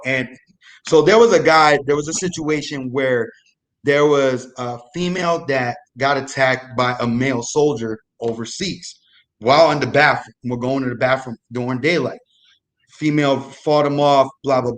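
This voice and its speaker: A young man telling a true story on a live show, casual and laughing through it. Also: medium pitch. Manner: laughs through his story, animated asides. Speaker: guest storyteller.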